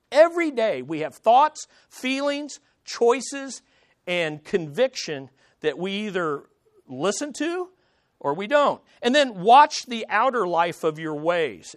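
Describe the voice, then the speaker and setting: A man pastor preaching a sermon, asking rhetorical questions and pausing for emphasis. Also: sits high, fairly bright tone, no room sound, studio quality.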